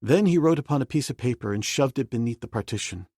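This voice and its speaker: Man reading an audiobook, steady and measured, middle pitch, dry close mic. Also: breathy edge, no echo. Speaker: audiobook narrator. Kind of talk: scripted audiobook narration.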